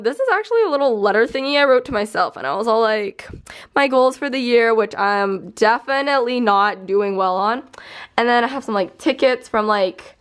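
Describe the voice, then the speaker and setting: A young vlogger with a slightly high voice gives a relaxed room tour of her bedroom on camera. She chats and rambles casually, packing her talk with "like" and little asides.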